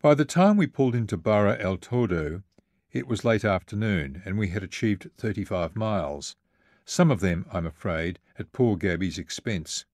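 A man reading a first-person travel memoir aloud, in a measured and vivid storytelling manner. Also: on the low side, lively intonation, darkish tone, no room sound, clean studio sound. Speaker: narrator. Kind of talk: first-person audiobook narration.

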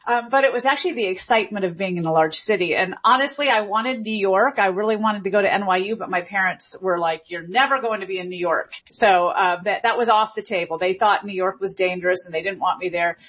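A woman's voice: medium pitch, brisk, hardly any pauses, a bit bright, husky, highs cut off. A woman in her forties who grew up in Memphis, a linguistics professor explaining things thoughtfully as a guest in an interview. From Memphis, Tennessee. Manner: thoughtful, explanatory, with fillers and restarts. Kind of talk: interview conversation.

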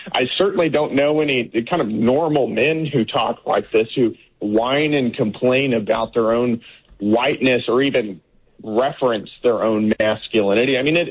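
Male political guest, husky, emphatic, scornful; muffled remote audio. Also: medium pitch. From Texas. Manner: emphatic, dismissive, many fillers. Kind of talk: remote interview commentary.

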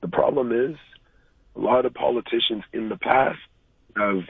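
A man's voice: medium pitch, moderate pace, vocal fry, husky, no room sound. A man calling into a radio show, rambling casually, his voice a bit off, over a tinny phone line. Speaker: caller. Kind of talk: phone-in chat.

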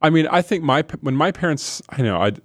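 A man's voice: a little high, expressive, fast talker, a bit bright, no echo. A man hosting casual morning radio chat in a studio, rambling and self-deprecating with lots of fillers. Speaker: radio talk show host. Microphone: studio mic.

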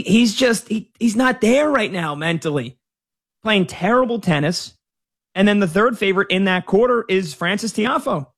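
A man's voice: high-pitched, fairly bright tone. A man talking casually as a sports betting analyst, conversational with frequent fillers. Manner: conversational, uses fillers like "you know".

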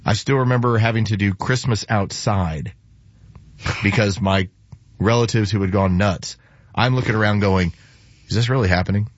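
A man in casual talk show chat, speaking heatedly and getting louder when indignant. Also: fairly low pitch, normal speed, no echo, dull audio.

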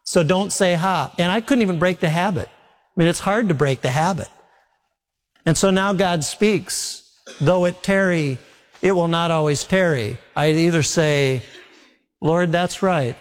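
A man preaching a sermon with homespun stories, slowing down to lean on scripture. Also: on the high side. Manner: folksy storytelling preacher, slows down for scripture. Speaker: pastor.

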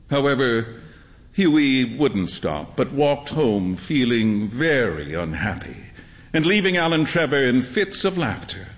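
A man's voice: medium pitch, slow pace, big-room sound. A man performing a theatrical live reading of a classic short story. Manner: expressive, theatrical. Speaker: reader.

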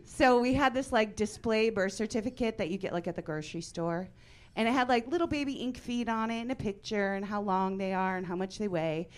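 A woman in her forties performing a stand-up comedy set on a club stage, with a deadpan, punchy delivery and sudden loud bursts. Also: mid-range voice, fairly quick, few pauses, a little hiss or hum.

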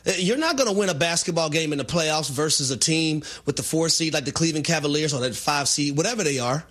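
Sports talk co-host, kinda husky and a bit high, walks through the stats calmly. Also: male voice, fast talker. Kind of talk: sports analysis chat.

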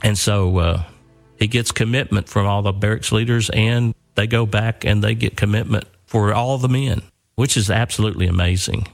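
An older man earnestly telling a family war story, pausing and repeating words as he goes. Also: on the low side, creaky, faint music behind. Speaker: son telling his father's war story.

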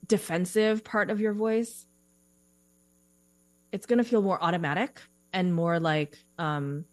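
A woman's voice: deep voice, no room sound. A woman career coach talking casually as an interview guest, explaining with examples and laughing easily.

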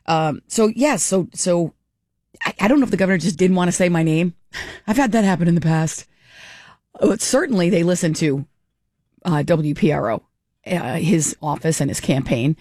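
A woman hosts morning talk radio in a chatty, animated way, slipping into little acted-out exchanges. Her voice sits low for a woman. The studio sound is dry and close. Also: moderate pace, no room sound. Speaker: radio talk show host. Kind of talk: casual talk radio commentary. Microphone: studio microphone.

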